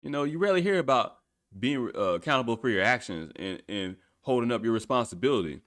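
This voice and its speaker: A man's voice: mid-range voice, animated, fast, a bit bright. A man hosting a solo podcast, ranting with profanity and laughing at his own remarks. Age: adult with children. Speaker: podcast host. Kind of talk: solo opinion podcast rant.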